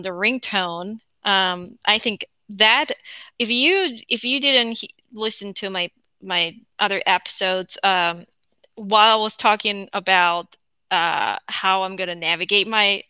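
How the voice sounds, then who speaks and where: Young korean lady rambling on her home podcast, bright voice, dry close sound, lots of ums. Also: mid-range voice, slow, clean tone, dry recording. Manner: rambling, chatty, frequent fillers and self-corrections. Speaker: podcast host. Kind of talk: unscripted casual monologue. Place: at home with her dog beside her.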